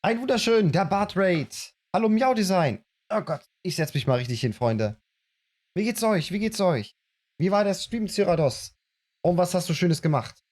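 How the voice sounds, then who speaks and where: A man live-streaming a video game, chatting casually and greeting viewers with animated reactions. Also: sits high, normal speed. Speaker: let's play streamer. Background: game music.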